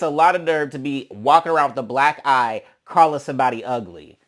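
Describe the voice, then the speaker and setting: A young man hosting a casual, sassy recap of a reality show, animated and blunt, often slipping into mocking voices for the cast. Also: medium pitch, fairly quick.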